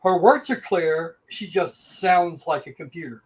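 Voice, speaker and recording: A man joins a casual live stream over a video call. His voice sits a little higher than most men's. He chats in an easygoing, friendly way. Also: measured pace, low-quality recording.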